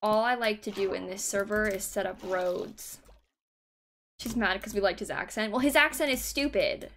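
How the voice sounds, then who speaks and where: A woman's voice: medium pitch, moderate pace, a bit bright, a little hiss or hum. A young woman in her twenties, streaming from home, reading chat messages and teasing in a giggly, playful way. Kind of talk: casual live stream chat. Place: home room, in the UK.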